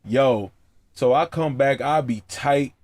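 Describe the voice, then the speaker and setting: A man's voice: mid-range voice, slow, a little mellow, no room sound. A young man hosting a casual podcast chat, telling stories in laid-back slang and laughing often. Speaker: podcast host.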